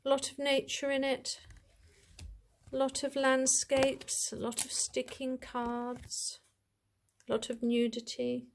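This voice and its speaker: A woman's voice: high voice, monotone, slow pace. A woman chatting to camera as she reviews a tarot deck, gushing, rambling and full of asides.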